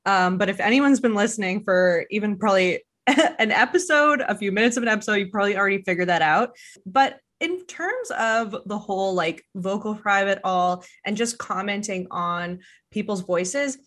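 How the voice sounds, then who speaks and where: A woman hosts a casual podcast conversation. She talks in a chatty, loose way, laughing often and dropping quick, joking asides between her points. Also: medium pitch, expressive, fairly bright tone. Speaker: podcast host. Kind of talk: casual interview chat.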